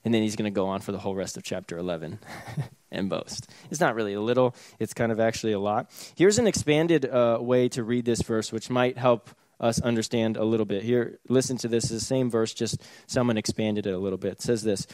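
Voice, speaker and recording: A man's voice: fairly low pitch, a little fast, a little mellow, dry recording. A man preaching a sermon in a casual, conversational way, with sarcastic asides and chuckles. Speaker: pastor.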